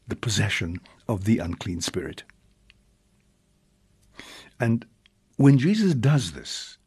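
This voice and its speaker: A male priest gives a homily in a very breathy, husky voice. His pitch rises and falls expressively, and he lingers on weighty words between pauses. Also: a little mellow. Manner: reflective, with long pauses and drawn-out emphasis. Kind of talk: homily reflection.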